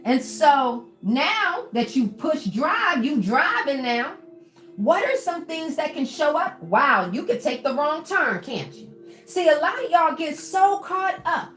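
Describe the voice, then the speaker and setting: Lively high-voiced woman coaching with fervor. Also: slow pace. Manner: preachy and encouraging, calls listeners baby, asks for replies. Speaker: motivational coach on a livestream. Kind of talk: live-streamed motivational talk. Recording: roomy echo with faint music.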